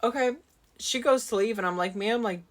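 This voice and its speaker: Her voice sits on the high side and moves briskly as this young woman vlogger spins a dramatic tale for her viewers. Chatty and dramatic, she leans on fillers, keeps saying "like," and throws in plenty of asides.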